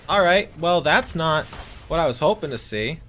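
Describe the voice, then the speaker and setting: A man's voice: fairly high pitch, lively intonation, moderate pace, fairly bright tone. Chatty man narrating his card game. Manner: chatty, talks to his opponent, mock-exasperated outbursts. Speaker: streamer playing a card game. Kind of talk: casual gameplay commentary.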